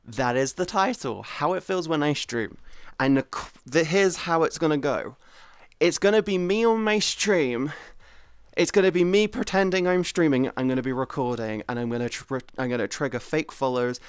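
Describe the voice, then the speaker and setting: Excitable woman streamer, smooth voice. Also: sits low, normal speed, dry recording. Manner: excitable, expressive, swears freely. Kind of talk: casual live-stream chat.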